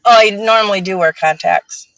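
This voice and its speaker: A woman's voice: medium pitch, moderate pace, fairly bright tone, no room sound, low-quality recording. An easygoing, wry woman, chatting as a guest. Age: 40s. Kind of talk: casual live-stream chat.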